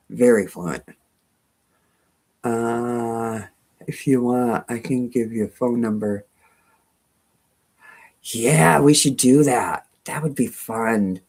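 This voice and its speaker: A woman with a very deep, darkish, slightly rough and twangy voice runs a quilting channel. During a casual live chat, she reads viewer comments, laughing often and joking at her own expense.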